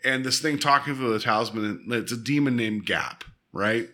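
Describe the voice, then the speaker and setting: A man co-hosting a podcast, casually and animatedly retelling an episode with lots of quick asides. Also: mid-range voice, bright, forceful tone. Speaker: podcast co-host. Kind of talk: casual chat.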